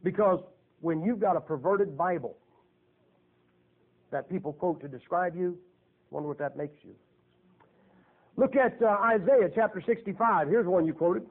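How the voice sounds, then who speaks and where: Male preacher, high voice, folksy and emphatic, phone-thin audio. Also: normal speed, long pauses. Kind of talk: sermon. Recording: tinny phone-like lo-fi recording.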